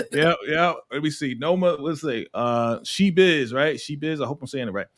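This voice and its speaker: A man hosting a casual TV episode review, animated and laughing often, his voice swinging between high and low. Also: a little slow. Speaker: host of a TV recap show.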